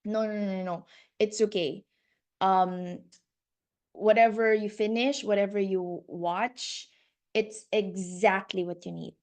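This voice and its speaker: A woman's voice: mid-range voice, fairly even intonation, slow pace, a little mellow. A woman life coach hosting a workshop on a video call, effusive and gushing, laughing often and repeating her words.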